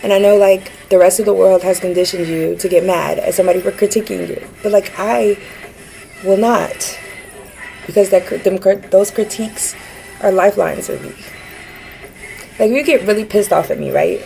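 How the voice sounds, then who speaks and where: A woman's voice: medium pitch, normal speed, vocal fry, mellow, poor audio. A woman vlogging a rambling personal rant, earnest and frustrated, with many fillers and restarts.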